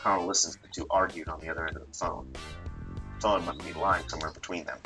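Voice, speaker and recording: A man reading a visual novel's narration aloud in an expressive way, then chatting casually. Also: low voice, fast talker, over music, poor audio. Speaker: let's play narrator.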